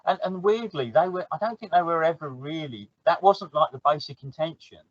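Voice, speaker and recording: A man's voice: a little high, brisk, no room sound. Chatty South London man, dull dry audio. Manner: chatty, laughs easily, acts out little quoted exchanges. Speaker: guest. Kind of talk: casual podcast chat.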